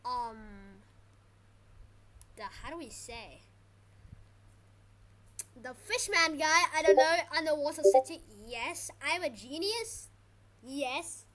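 A woman with a very high, bright voice gives live gameplay commentary. She swings widely in pitch, gets panicky and shouts when a fight turns bad, and trips over repeated words when flustered. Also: a little hiss or hum. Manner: excitable, panicky, shouts and yelps during fights. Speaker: gaming channel host.

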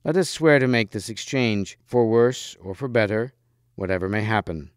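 A man's voice: lowish voice, moderate pace, no echo, studio quality, lightly acted. A man doing a hearty, jovial castle lord. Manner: hearty, boisterous, a bit louder.

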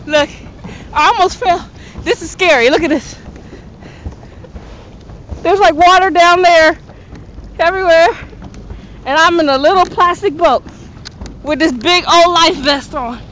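A woman's voice: extremely high pitch, measured pace, pauses often, a bit bright, slight background noise, low-quality recording. A young woman filming a casual vlog outdoors on a paddle boat, playful and complaining, out of breath from pedaling. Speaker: vlogger.

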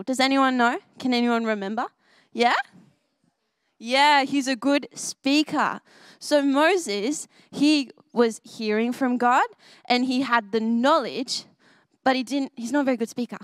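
A young woman gives a children's church talk in a bright, fairly high voice, bubbly and always asking the kids questions. The sound is dry and close, with little room echo. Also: unhurried. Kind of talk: kids' sermon. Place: church service.

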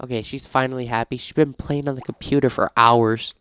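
A man talks through a life-sim game in casual let's-play commentary, narrating what his characters do and reading prompts aloud. His voice is smooth and clear, at a middle pitch, recorded dry and close to the mic. He swings easily into loud, exasperated outbursts. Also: steady tone, a little fast, no room sound. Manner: reads game prompts aloud, grows frantic and shouty. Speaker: gaming YouTuber.

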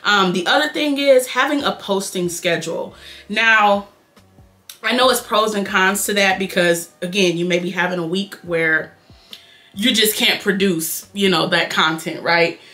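Young nasal Detroit woman, bright voice, quick chatty beauty-vlog delivery, calls viewers y'all. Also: medium pitch, soft background music. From Detroit, Michigan. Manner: fast-talking, chatty, addresses viewers as y'all. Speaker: beauty vlogger. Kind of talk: casual chat while doing makeup.

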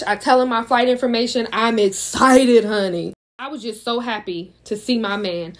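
A young adult woman from the United States, telling a dramatic storytime in a chatty way and talking straight to her viewers. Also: a little high. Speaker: vlogger. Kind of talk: casual storytime.

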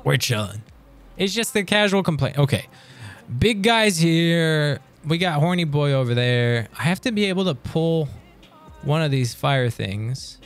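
Young male streamer, lively up-and-down delivery, swears at enemies. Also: a little high, unhurried, faint music behind. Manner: swears and talks back to enemies, excitable. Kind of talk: live gameplay commentary.

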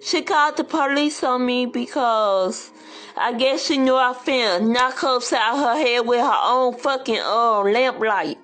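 A woman's voice: on the high side, fairly bright tone. A woman ranting bluntly and profanely in a casual livestream, rambling from one complaint to the next.

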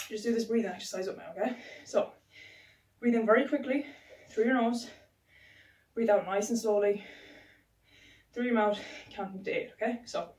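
A woman's voice: mid-range voice, moderate pace, long pauses, a little mellow, slight background noise. Breathless woman coaching a home workout. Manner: encouraging, counts reps aloud while exercising. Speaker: fitness instructor. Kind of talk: home workout instruction, counting reps. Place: room at home. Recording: roomy sound from a distant camera.

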